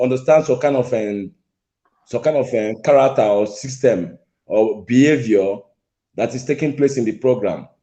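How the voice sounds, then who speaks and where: A man's voice: mid-range voice, warm tone, highs cut off. A man calling in, repeating his points insistently and confronting the host. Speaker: caller. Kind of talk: heated call-in argument. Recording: echoey call-in line.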